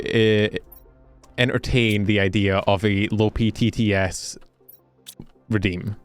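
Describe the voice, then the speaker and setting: A man's voice: on the low side, fairly even intonation, takes it slowly, pauses often, clean tone, soft background music. A Scottish man streaming a game, chatting casually with his viewers, joking and swearing freely as he plays. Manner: chatty, joking, swears freely, talks to chat while playing.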